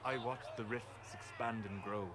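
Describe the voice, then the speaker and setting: A soft-spoken elf mage who tells old tales with patient, measured care, played by a man. His voice sits on the low side. Loud game ambience hums under every line. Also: fairly even intonation, background noise, lightly acted. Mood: reflective. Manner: measured, softly spoken storytelling. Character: calm scholarly elf mage, male, adult.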